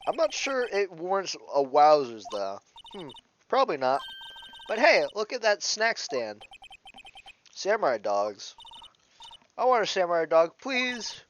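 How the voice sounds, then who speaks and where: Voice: mid-range voice, huge pitch swings, a little slow, long pauses, slight background noise. A let's play host giving casual, rambling commentary while playing a video game. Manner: rambling and offhand.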